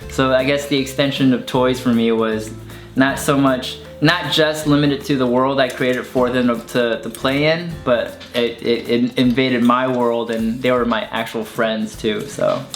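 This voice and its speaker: A young man talks through his childhood toys in a loose, rambling way, with plenty of fillers. His voice sits at an ordinary middle pitch. The room has a noticeable echo, and soft music plays underneath. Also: steady tone, unhurried. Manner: rambling and enthusiastic, full of "like" fillers. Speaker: online video creator. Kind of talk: casual chat showing toys. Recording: echoey room with faint music.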